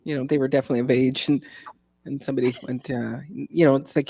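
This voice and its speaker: A woman's voice: rumbling low, flat delivery, a little fast, creaky, warm tone, dry recording, studio quality. A woman in her fifties chatting casually on a live stream, telling anecdotes and laughing often.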